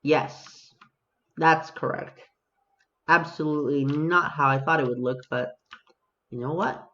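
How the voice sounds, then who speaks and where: Guy rambling over his game, kinda high voice, muffled lo-fi mic, keys clicking. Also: a little slow, sharp tone. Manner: self-mocking, talks to himself and viewers. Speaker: gaming video host. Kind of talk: casual gameplay commentary.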